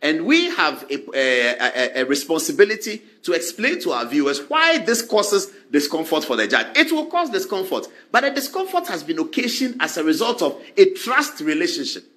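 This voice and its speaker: Lively, bright-voiced Ghanaian man commenting. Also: on the high side, normal speed, hardly any pauses. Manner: animated, acts out quoted exchanges. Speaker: political commentator. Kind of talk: political commentary.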